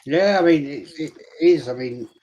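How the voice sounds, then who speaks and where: A man's voice: a little high, moderate pace, a little mellow, highs cut off, a little hiss or hum. Middle-aged man telling an anecdote. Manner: rambling anecdote with swearing. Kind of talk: casual chat on a live stream.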